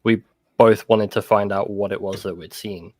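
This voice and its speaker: A man recounting a personal encounter in casual conversation, halting and full of restarts and "like". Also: on the low side, fairly even intonation, darkish tone, no echo.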